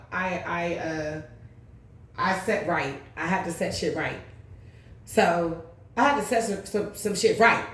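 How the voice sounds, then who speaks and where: Blunt woman in an echoey room. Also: mid-range voice. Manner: blunt, profane, rambling. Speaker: tarot reader, channel host. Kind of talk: casual storytelling vlog.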